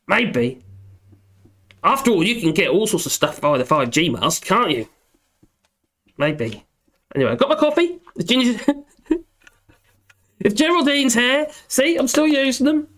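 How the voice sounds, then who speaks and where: A man's voice: sits high, sing-song, a little slow, pauses often, a bit bright. A middle-aged man hosting a live stream, chatting casually in a rambling, jokey, self-deprecating way and chuckling often. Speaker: live stream host reading chat.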